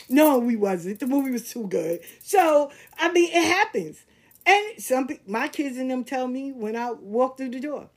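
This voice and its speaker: An older woman, her voice a little high and husky, tells stories in a loose, chatty way. She talks bluntly and swears freely, with plenty of animation. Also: normal speed. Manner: animated, blunt and profane, laughing at herself. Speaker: host. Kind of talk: casual storytelling monologue.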